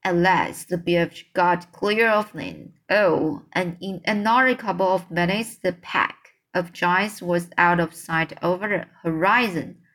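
A woman reading a children's book aloud as narrator, unhurried and often restarting words. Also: fairly low pitch, fairly bright tone.

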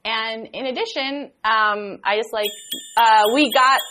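A woman's voice: on the high side, a little slow, noisy background. A woman with an American accent co-hosting an English lesson, chatting and laughing easily during a casual conversation game.

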